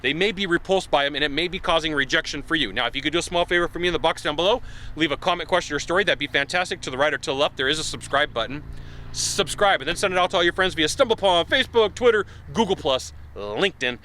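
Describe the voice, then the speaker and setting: A man giving casual to-camera sales advice, acting out buyers' lines in an animated way, recorded outdoors. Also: on the high side, fast. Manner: animated, acts out buyer dialogue. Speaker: sales consultant.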